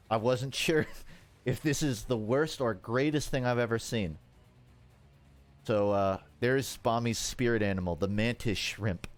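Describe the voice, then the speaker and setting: A man from Georgia in the United States with a Midwestern American accent, chatting casually and jokingly while playing a game on a livestream. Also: medium pitch. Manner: joking, rambling, self-mocking. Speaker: streamer. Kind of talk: casual gaming livestream commentary.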